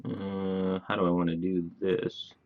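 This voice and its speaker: A man's voice: deep voice, little pitch movement, phone-quality sound. A man streaming a card game live, thinking aloud through his moves and chatting casually with viewers. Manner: thinks aloud, plans moves in quick bursts; laid-back, talks to his chat casually. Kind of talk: live gameplay commentary.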